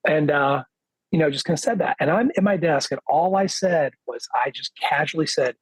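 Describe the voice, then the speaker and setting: A man, a guitarist guest on a podcast, telling a casual anecdote in an animated way, acting out what other people said with lots of "he goes.". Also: fairly high pitch, moderate pace, slightly rough, no echo, poor audio. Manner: animated, quotes others with "he goes" and acts their lines; loose filler-heavy phrasing.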